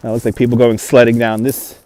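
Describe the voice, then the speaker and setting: A man's voice: medium pitch, level tone, a little fast, dark tone. A man with a New York accent hosting a casual livestream while walking through a snowy park, chatting, laughing often and reading comments aloud. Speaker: livestream host. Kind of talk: casual livestream walk-and-talk. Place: snowy city park, outdoors. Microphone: phone camera on a gimbal.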